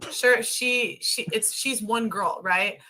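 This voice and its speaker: A woman's voice: on the high side, sharp tone. A woman guest on a live call, speaking candidly with lots of fillers and restarts. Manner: candid, halting, filler-heavy. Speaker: content creator guest. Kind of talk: casual interview talk.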